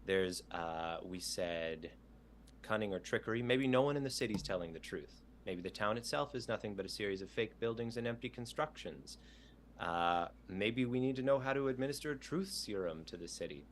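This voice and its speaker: A man's voice: lowish voice, animated, normal speed, a little hiss or hum. A man running a tabletop game over a video call, reading prompts aloud in an easygoing way. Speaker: game master.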